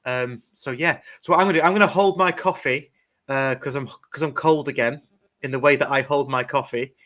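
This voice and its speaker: English man, podcast co-host, bright tone, easygoing chat. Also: medium pitch, a little fast. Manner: chatty, laughs easily, hesitant fillers. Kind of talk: casual football chat.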